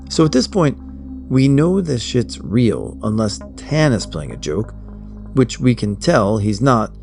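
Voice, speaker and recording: A low-voiced man with a gravelly, creaky edge tells a first-person horror story. His tone is dark and mellow, and his delivery is blunt, casual and full of swearing, with faint music underneath. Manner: blunt, profane, conversational telling.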